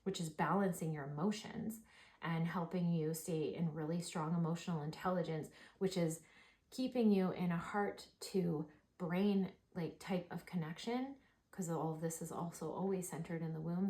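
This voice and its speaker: Woman, oracle card reader, gushing and excited, lots of "like", lowish voice, echoey room. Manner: excited, gushing, heavy use of "like". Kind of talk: spiritual card reading.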